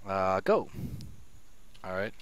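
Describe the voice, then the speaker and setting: Excitable young male game caster. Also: deep voice, slow pace, clean tone. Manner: excitable, bursts louder at big moments. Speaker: esports caster and stream host. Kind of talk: live game commentary. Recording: faint background noise.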